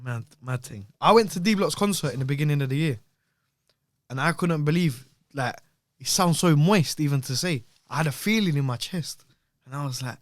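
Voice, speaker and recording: A young man, a podcast guest telling animated stories in slang, often repeating himself. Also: on the high side, normal speed, dry recording, clean studio sound. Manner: animated storyteller, heavy slang, repeats words. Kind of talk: casual chat.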